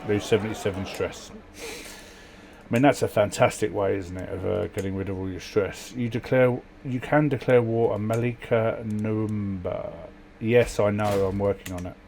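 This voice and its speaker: A man's voice: lowish voice, steady tone, moderate pace, gravelly, a little mellow, a little hiss or hum. A man casually commentating a strategy game, sleepy and yawning, reading event text aloud with wry muttered asides. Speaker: gameplay commentator.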